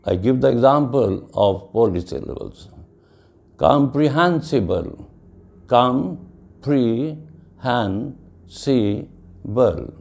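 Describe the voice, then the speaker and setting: Slow, gravelly male teacher. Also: lowish voice, expressive, warm tone. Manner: slow, deliberate, spells words out letter by letter. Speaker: English teacher. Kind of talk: classroom lecture.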